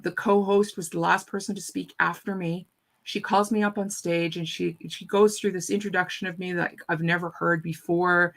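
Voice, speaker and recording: A woman telling a story in an animated, casual chat, often repeating her first words. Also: on the low side, gravelly. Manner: animated, repeats words when starting sentences. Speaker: guest speaker.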